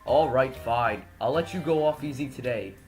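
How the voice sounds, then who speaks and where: A stern, suspicious cop, put on by a man reading game dialogue, hard and threatening. The voice sits a little higher and louder than the speaker's own, over faint game music. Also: moderate pace, close to an everyday voice. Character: stern, suspicious male police officer.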